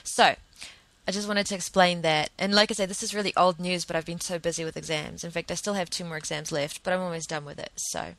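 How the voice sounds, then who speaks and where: A woman's voice: on the low side, steady tone, fast talker, gravelly, fairly bright tone, no echo, rough recording. A young woman hosting a podcast, talking in a casual, reflective monologue that rambles earnestly through fillers and restarts. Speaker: podcast host.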